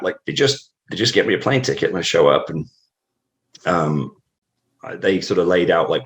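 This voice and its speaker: A British man with a very low, deep voice tells a long story as a guest on an interview show. He talks in a loose, rambling way, circling back with fillers and restarts. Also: very animated, a little fast. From Britain.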